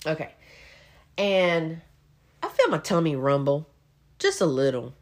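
Animated woman telling a story. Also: sits low, measured pace. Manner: animated, keeps checking in with "okay?". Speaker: podcast host. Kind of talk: casual chat, comic storytelling.

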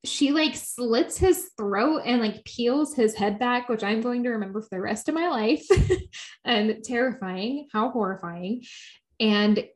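A woman co-hosting a podcast, chatting casually while recapping a show, talking quickly and laughing often. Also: on the high side, lively intonation. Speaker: podcast co-host.

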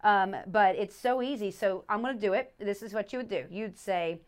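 A woman's voice: medium pitch, brisk, hardly any pauses. Earnest middle-aged woman teaching scripture. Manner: earnest, restarts often, repeats scripture with stress on each word. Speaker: pastor's wife and podcast co-host. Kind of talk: casual faith podcast teaching.

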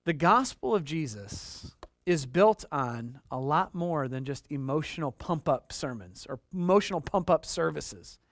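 A man's voice: on the high side, animated, measured pace, no room sound, studio quality. A man in his late thirties preaching a sermon in a conversational way, checking in with the listeners and often repeating his words. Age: late 30s. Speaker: pastor.

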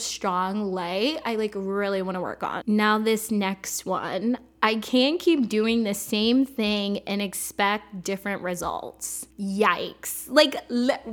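A young woman in her twenties hosting her own podcast, chatting casually and bubbly, with lots of "like". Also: mid-range voice. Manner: chatty, bubbly, heavy use of "like". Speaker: podcast host. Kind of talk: casual solo podcast chat.

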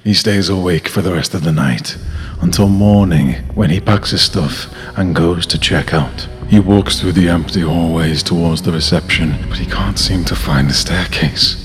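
Deep-voiced guy reading a spooky story all dramatic, long reverb, music under. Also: moderate pace. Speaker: podcast host. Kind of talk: mock-horror story reading.

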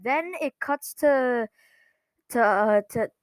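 Woman, raised pitch, rambling recap, halting, self-correcting, dry sound. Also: clean tone, dry recording. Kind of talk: casual episode recap.

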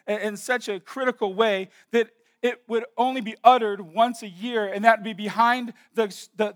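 A man preaching a sermon to a congregation, emphatic and swinging between hushed and loud. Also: high-pitched. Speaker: pastor. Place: church with slides.

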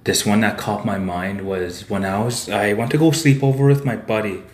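A man's voice: on the low side, steady tone, moderate pace, darkish tone. A man from Saskatchewan, telling a story as a podcast guest in a loose, rambling way and tagging his sentences with "eh" and "like". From Saskatchewan, Canada. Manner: rambling, tag "eh" and "like" fillers. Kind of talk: casual storytelling. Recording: roomy echo.

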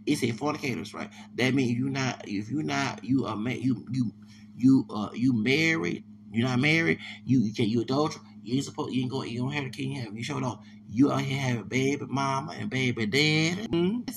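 Steady background noise accompanies a podcast host's brisk, casual storytelling monologue. His voice is gravelly and creaky with an ordinary mid-range pitch, and he rambles emphatically, often restarting mid-phrase.

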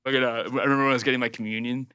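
A man's voice: mid-range voice, steady tone, racing, pushed and bright, smooth, dry recording. A man who is a guest on a podcast, telling rambling stories full of fillers and laughing often. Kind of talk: casual chat.

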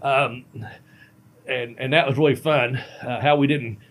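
Brief: ex-wrestler, mid-range voice, loose and folksy, telling road stories. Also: male voice, mid-range voice, fairly even intonation, a little slow, fairly bright tone. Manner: rambling, folksy, laughs at himself. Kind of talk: casual storytelling on a podcast.

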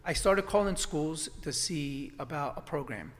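A man's voice: fairly high pitch, lively intonation, a little slow, in a large hall. A man telling his story in a casual conversation, rambling with lots of restarts and fillers. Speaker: acupuncturist guest.

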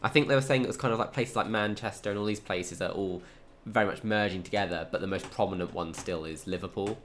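A young man from England chats easily, with a deep voice and plenty of fillers. He laughs often as he talks. A faint background hiss sits under him. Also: fast, a bit bright. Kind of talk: casual chat.

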